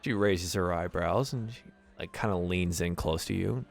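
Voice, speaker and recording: A man's voice: low voice, moderate pace, gravelly, hardly any pauses, faint music behind. A man running a tabletop game as game master, narrating casually with plenty of fillers.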